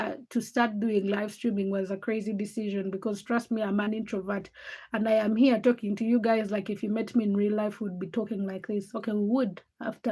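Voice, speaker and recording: A woman's voice: medium pitch, a little mellow, breathy edge. A tired young woman hosting a late-night livestream, teasing and chatting with viewers as she reads their comments by name. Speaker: livestream host.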